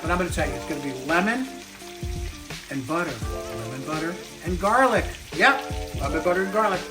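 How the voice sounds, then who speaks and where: A man hosting a home cooking demonstration in a kitchen, playful and chatty, talking straight to his viewers. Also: a little high. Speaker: cooking show host. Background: background music.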